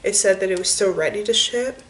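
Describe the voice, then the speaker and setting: Young woman vlogger, casual and chatty, mid pitch; roomy echo, distant camera mic, noisy. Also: fairly quick. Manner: chatty, lots of "like" fillers. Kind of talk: casual vlog chat. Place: bathroom at home. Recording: echoey room, mic far off, noisy.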